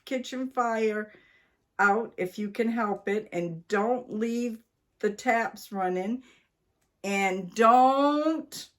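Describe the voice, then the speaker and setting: A woman voicing a brisk, bossy older wife giving firm instructions. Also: on the high side. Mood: instructing.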